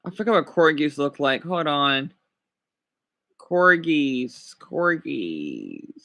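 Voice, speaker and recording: A man's voice: fairly high pitch, bright, forceful tone. A man chatting casually on a livestream, gushing and drawing out his words. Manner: gushing, drawn-out swoops when cooing over dogs.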